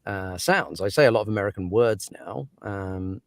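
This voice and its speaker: A man's voice: fairly low pitch, normal speed, creaky, dry recording. A man, an audiobook narrator chatting casually as an interview guest, laughing often and trailing off into fillers.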